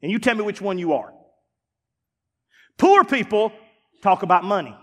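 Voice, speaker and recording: Preacher guy, high voice swinging all over, folksy and punchy, big echoey church. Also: very animated, moderate pace. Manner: folksy, emphatic preaching with sudden drops to quiet asides. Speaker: pastor. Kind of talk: sermon. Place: church sanctuary.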